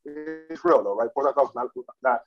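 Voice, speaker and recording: A man co-hosting a casual podcast chat, reflective and quick to laugh. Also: mid-range voice, faint music behind. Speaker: podcast co-host. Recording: muffled lo-fi mic.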